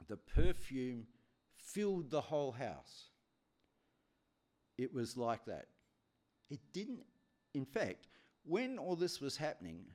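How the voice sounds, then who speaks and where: A man's voice: medium pitch, darkish tone. A man preaching a sermon, telling a story with many repetitions.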